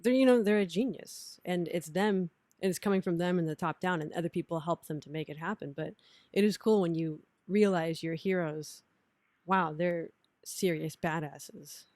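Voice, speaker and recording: A woman's voice: lowish voice, normal speed, a little mellow, dry recording. A woman hosting a podcast interview, chatting casually and backing her guest with short agreements. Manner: supportive, frequent short agreements. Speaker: podcast host.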